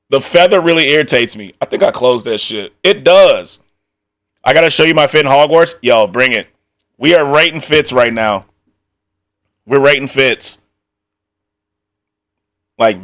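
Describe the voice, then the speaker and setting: A man streaming and reacting in a casual, excitable way, with a voice pitched a bit high for a man. He talks slowly and drawn out, swears freely, laughs often and slips into quick mock dialogue. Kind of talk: casual live-stream commentary.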